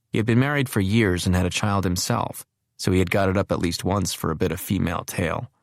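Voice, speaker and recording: A man reading an audiobook in an even, measured narration. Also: low voice, creaky, dry recording, studio quality. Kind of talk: scripted narration.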